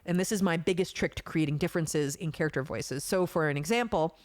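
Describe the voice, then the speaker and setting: A woman voice actress calmly explaining vocal technique in a methodical, teacherly way. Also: deep voice, quick pace, no echo. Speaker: voice actress guest.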